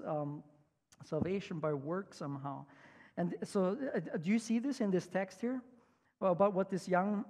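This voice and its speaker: A male pastor preaching a sermon in a relaxed, conversational way, full of fillers and restarts. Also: high voice. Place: church sanctuary. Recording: long church reverb.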